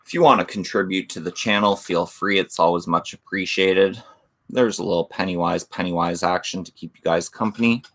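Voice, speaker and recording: A man's voice: low-pitched, fairly even intonation, fairly quick, fairly bright tone. A middle-aged man hosting a casual livestream, reading viewer comments aloud and joking like an auctioneer. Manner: reads chat aloud, mock auctioneer banter. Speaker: livestream host.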